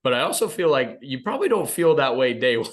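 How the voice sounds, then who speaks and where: A man's voice: mid-range voice, very animated, fast talker. A man with an ordinary mid-range voice hosts a podcast interview. He talks casually and chimes in with short affirmations. His questions run loose and conversational. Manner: conversational, frequent backchannel yeahs. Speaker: podcast host.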